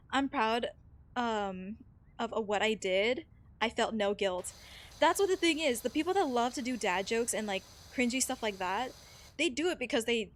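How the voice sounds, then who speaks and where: A woman streamer with a slightly raised voice chats loosely with her viewers as she plays. She talks in a giggly, rambling way and leans on "like" and "you know." A faint hiss sits under her desk-mic recording. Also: fairly high pitch. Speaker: live streamer playing a cleaning game. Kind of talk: casual stream chat while gaming.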